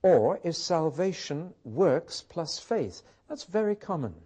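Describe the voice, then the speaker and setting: Lively man teaching scripture. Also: a little high, slow pace. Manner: emphatic, rhetorical questions, storytelling. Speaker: Bible teacher. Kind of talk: teaching talk with anecdotes.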